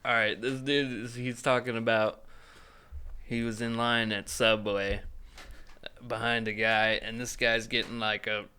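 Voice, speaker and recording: A young man on a casual podcast, talking slowly in a bright, forceful voice. He swears freely and keeps laughing as he retells stand-up bits. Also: mid-range voice, level tone, clear, resonant tone. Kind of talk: casual chat.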